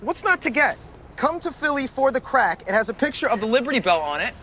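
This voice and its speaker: A man's voice: extremely high pitch, big pitch swings, quick pace, bright, forceful tone, slight background noise, full character voice. An actor playing a defensive, preachy young man in a TV comedy clip. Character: touchy young man, prideful and pious.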